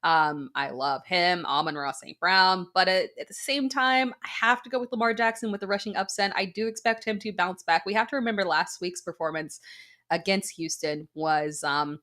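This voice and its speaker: A woman's voice: fairly low pitch, pushed and bright. A woman hosting a live fantasy football Q&A, upbeat and thinking aloud with frequent fillers. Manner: upbeat, many "um" fillers, quick reasoning. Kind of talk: live-stream Q&A.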